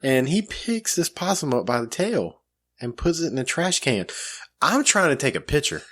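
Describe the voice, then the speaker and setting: A man's voice: on the high side, sing-song, moderate pace, fairly bright tone, slightly rough. A man co-hosting a podcast, telling a self-mocking story in casual chat with lots of fillers. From grew up in the country. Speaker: podcast co-host.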